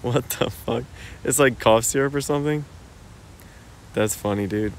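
A young American man's medium-pitched voice comes through at normal speed, with slight background noise, as he livestreams on his phone while walking in a park-like cemetery. The chat is relaxed and slang-heavy, and he laughs frequently.

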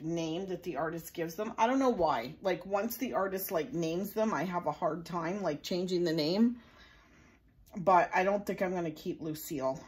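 A woman chatting excitedly as she unboxes a new doll, gushing and filling her talk with "like" and "oh my God". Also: on the low side. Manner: gushing, many "like" and "oh my God" fillers. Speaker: doll collector and vlogger. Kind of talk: excited casual unboxing chat.

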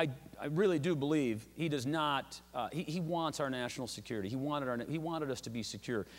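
A man giving a lecture, an animated, loud storyteller joking with the audience through a stage microphone. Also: mid-range voice, long reverb tail. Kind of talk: anecdotal public talk. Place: large lecture hall.

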